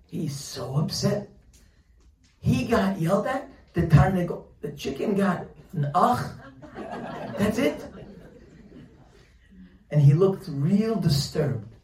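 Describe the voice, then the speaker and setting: Animated man telling a Torah lesson. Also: on the high side, roomy sound, far from the mic, low-quality recording. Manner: animated storyteller, quotes voices in his telling. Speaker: Torah teacher. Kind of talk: sermon with storytelling.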